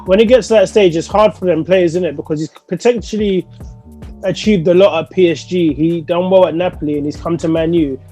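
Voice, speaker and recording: A man with a notably high voice co-hosts a relaxed football debate. He talks at length, pushes back on the others and pads his points with casual fillers. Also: a little fast, soft background music. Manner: chatty, argumentative, fillers like "you know what I mean". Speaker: football podcast co-host. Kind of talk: casual post-match chat.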